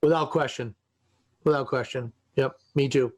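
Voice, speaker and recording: A man hosting a casual podcast chat, chiming in with quick affirmations and easygoing remarks. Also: mid-range voice, steady tone. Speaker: podcast host.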